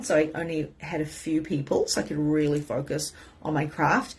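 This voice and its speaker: A middle-aged woman, a spiritual coach, talking casually to her viewers in an animated way, often laughing and swearing. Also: low voice, a little fast, hardly any pauses, slightly rough. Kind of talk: casual livestream talk to viewers.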